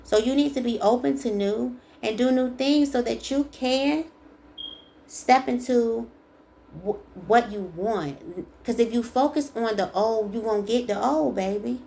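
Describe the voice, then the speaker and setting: Gravelly-voiced woman doing a tarot reading. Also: fairly high pitch, unhurried, mellow, a little hiss or hum. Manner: chatty, emphatic, encouraging, reads aloud and repeats. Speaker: tarot reader. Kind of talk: casual spiritual card reading.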